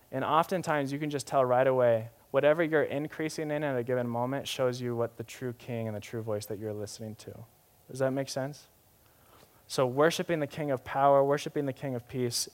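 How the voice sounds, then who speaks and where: A young adult man preaching a sermon as pastor, swinging from emphatic to hushed and slowing down for key phrases. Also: medium pitch.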